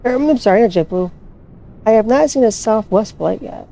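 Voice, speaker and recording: Dark-voiced swearing woman gaming. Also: fairly high pitch, lively intonation, moderate pace, creaky. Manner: swears freely, talks to herself while searching. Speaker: flight sim streamer. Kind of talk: casual gameplay commentary.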